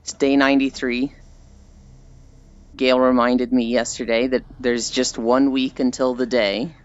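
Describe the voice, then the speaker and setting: A man chats with his stream audience as he walks, rambling and poking fun at himself, now and then slipping into silly voices. His pitch sits in the middle range. The audio has a muffled, lo-fi quality. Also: measured pace. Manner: rambling, self-deprecating, animated mock voices. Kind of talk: casual chat with stream viewers.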